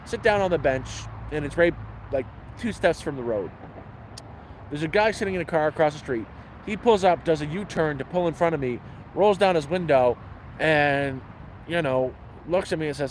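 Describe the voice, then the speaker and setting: Man, casual profane storytelling, slightly high voice, faint traffic behind. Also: moderate pace, low-quality recording. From Canada. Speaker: homeless vlogger answering questions. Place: outdoors on a bench by a city street.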